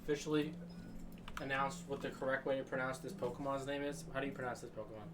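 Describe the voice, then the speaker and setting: Quick teasing man, off-mic. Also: medium pitch, steady tone, noisy background. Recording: distant off-mic voice with music.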